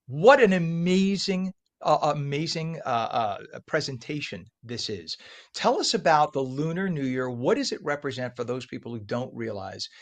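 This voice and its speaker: A man hosting a live morning show, reading traffic and chatting with a guest in a lively, chatty way, with a frog in his throat. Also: a little high, normal speed. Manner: lively, chatty, apologetic asides. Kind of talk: live traffic report and interview.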